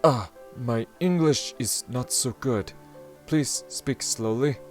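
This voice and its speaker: A man's voice: medium pitch, fast, faint music behind, close to an everyday voice. A man reading aloud the inner monologue of a formal, flustered young male samurai from a visual novel. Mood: earnest.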